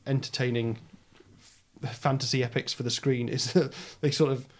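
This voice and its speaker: A man's voice: medium pitch, fairly even intonation, moderate pace. A man hosting a casual chat, wry and self-deprecating, often trailing off with a laugh. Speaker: podcast host.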